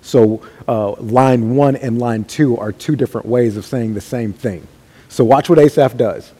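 A man's voice: mid-range voice, unhurried, mellow, slightly rough. A man preaching a sermon in a church hall, emphatic and building up to raised calls to his listeners. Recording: long hall reverb.

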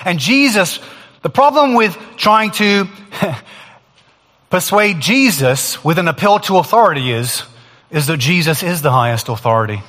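A man giving a conversational Bible teaching, animated and quick to laugh, acting out the voices he quotes. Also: high-pitched. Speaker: preacher. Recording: long hall reverb.

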